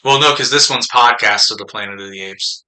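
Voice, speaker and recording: A man's voice: lowish voice, brisk, pushed and bright, low-quality recording. A man co-hosting a podcast in casual chat, playful and joking around. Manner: playful, jokes in learner Spanish. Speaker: podcast co-host.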